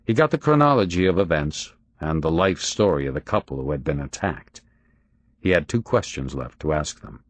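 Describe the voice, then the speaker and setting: A man narrating an audiobook in a steady, expressive reading. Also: extremely low pitch, moderate pace, no echo. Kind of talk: audiobook narration of a crime novel.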